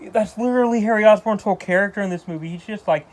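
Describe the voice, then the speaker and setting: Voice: medium pitch, rapid-fire, hardly any pauses. A movie reviewer ranting casually, exasperated and rambling with lots of restarts. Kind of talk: casual spoken film review.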